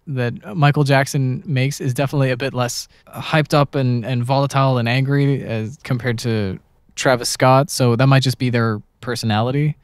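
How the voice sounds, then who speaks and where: A male podcast host telling stories with animated energy, at a mid-range pitch. The sound is dry and close to the mic. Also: moderate pace, clean tone, dry recording. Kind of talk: casual podcast chat, storytelling.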